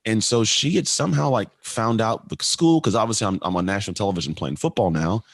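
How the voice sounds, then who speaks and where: Deep-voiced guy telling his story on a podcast, lively, acts out other people's lines, dry close sound. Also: fast talker, vocal fry, dry recording. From California. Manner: animated, acts out quoted voices. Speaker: podcast guest. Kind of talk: storytelling in an interview.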